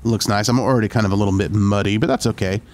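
A man's voice: lowish voice, fairly even intonation, very fast, a little mellow. A man hosting a gaming channel, giving upbeat, chatty let's-play commentary and now and then slipping into playful pirate talk. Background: game music.

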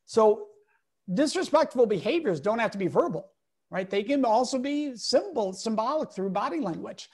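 Animated man explaining with emphatic storytelling. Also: extremely high pitch, normal speed, breathy edge. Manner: emphatic, lively, acts out quotes in different voices. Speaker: guest educator and speaker. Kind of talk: animated interview talk with acted-out anecdotes.

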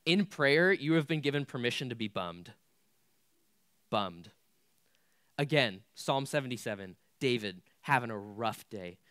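A man's voice: medium pitch, animated, normal speed, few pauses, fairly bright tone, no echo, clean studio sound. A young man preaching a casual youth sermon, candid and conversational with lots of filler words. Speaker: youth pastor.

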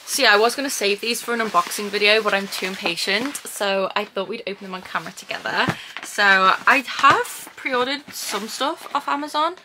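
A young woman vlogging casually about books, gushing and excitable, with lots of "like" and "oh my god". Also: mid-range voice, moderate pace, noisy background. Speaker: book vlogger. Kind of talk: casual vlog chat.

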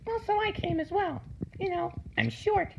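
A squeaky falsetto little fellow, way up high and mumbling shyly. He trails off and hesitates as he talks. It sounds like a lo-fi home recording with clear hiss behind it. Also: animated, moderate pace, exaggerated voice. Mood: sheepish. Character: squeaky high-voiced short guy.

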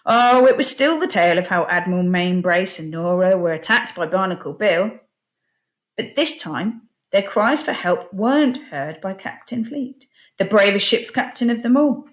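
A woman teacher reading a children's picture book aloud in an expressive storytelling voice. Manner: expressive, slow storytelling with lively pitch. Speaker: primary school teacher.

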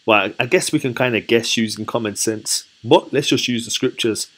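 A man leading a casual Bible study, chatty and relaxed, who asks his listeners questions and then answers them himself. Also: medium pitch, fairly quick. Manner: relaxed, chatty and self-correcting. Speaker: scripture teacher.

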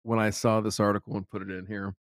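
A man's voice: fairly low pitch, flat delivery, quick pace, dry recording, clean studio sound. A man co-hosting a podcast, joking and swearing in casual banter. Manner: joking, profane. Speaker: podcast co-host.

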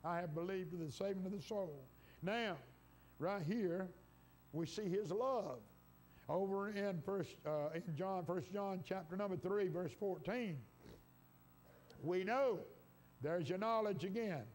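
A man's voice: sits high, a little slow, long pauses, a little mellow, slight background noise. A man preaching a sermon in church, quoting scripture and rising to fervent exclamations, his voice congested from an illness. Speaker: pastor. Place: church sanctuary.

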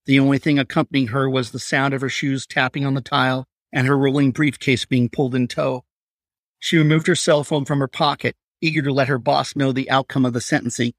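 A man reading aloud from his crime thriller in a steady, measured narration. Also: mid-range voice, dry recording, clean studio sound. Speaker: author reading his novel.

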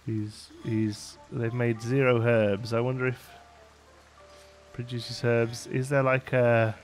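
A man's voice: mid-range voice, little pitch movement, slow, faint music behind. A man casually commentating a city-building game as he plays, chatty and rambling, laughing often and thinking aloud. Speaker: let's play host.

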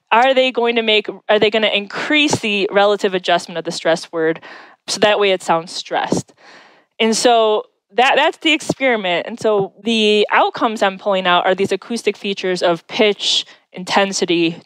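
A woman's voice: medium pitch, clean tone, no room sound, low-quality recording. A woman, a speech science researcher, explaining her dissertation research as a podcast guest in a methodical, step-by-step way.

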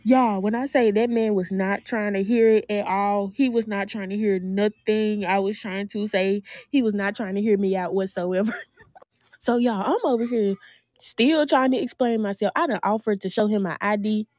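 A woman telling an animated storytime to her viewers, laughing often and calling them "y'all". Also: mid-range voice, normal speed, no echo, clean studio sound. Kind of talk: storytime vlog.

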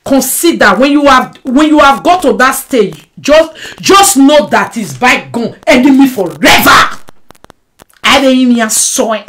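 A woman with a Nigerian Pidgin accent delivering an animated personal monologue to the camera. She is emphatic and keeps throwing in rhetorical "eh?" asides, swinging from loud outbursts to low muttering. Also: a little slow, hardly any pauses, a little hiss or hum, rough recording. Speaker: vlogger addressing a rival.

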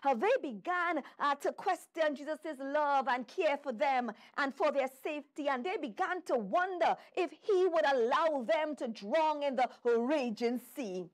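High-voiced woman preaching a fervent sermon. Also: unhurried, few pauses. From Trinidad and Tobago. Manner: dramatic storytelling, fervent calls to listeners.

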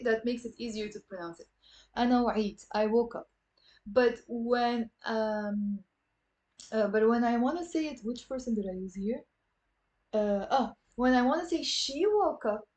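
A woman's voice: on the high side, darkish tone, poor audio. Woman teacher, native Lebanese Arabic speaker, raised voice, patient, repeats words for students, live online class. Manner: patient, drills words aloud, coaxing viewers to repeat. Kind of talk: live online language lesson. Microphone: computer camera mic.

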